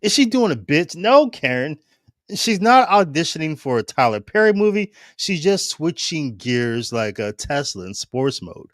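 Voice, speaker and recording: A man from Ohio hosting his own show, talking in animated, casual commentary and laughing often. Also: a little high, unhurried, no room sound, studio quality. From Ohio, United States. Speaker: show host.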